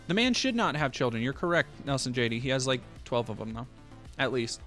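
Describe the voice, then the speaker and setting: A man's voice: mid-range voice, big pitch swings, a little fast, a bit bright, faint music behind. A man streaming, reading a news article aloud and breaking off with profane, sarcastic comments.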